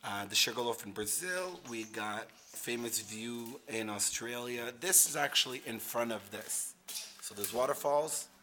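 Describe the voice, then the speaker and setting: A man's voice: mid-range voice, animated, a little slow, sharp tone, slight background noise. A man hosting a casual vlog, rambling through travel photos and repeating words. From Canada. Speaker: host.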